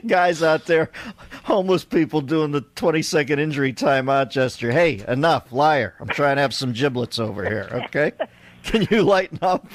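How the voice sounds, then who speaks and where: A male radio host interviewing a guest, talking in a quick, wisecracking way into a studio mic. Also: on the high side, dry recording.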